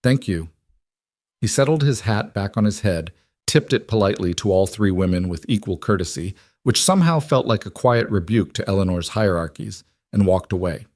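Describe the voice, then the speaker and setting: A man reads a scripted story at a steady, even pace. His voice sits low and the sound is dry and close. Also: fairly quick, no echo. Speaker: narrator. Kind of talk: scripted narration.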